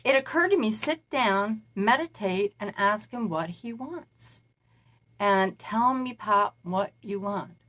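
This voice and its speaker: A woman's voice: medium pitch, expressive, slow pace, fairly bright tone. A woman who calls herself a spirit medium, talking casually in a meandering monologue and recounting events at length. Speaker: self-described spirit medium.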